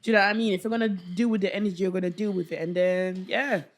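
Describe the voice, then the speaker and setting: A young woman, a podcast guest telling a story in casual chat, animated and slangy, acting out the voices of people she quotes. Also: on the low side, racing. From London.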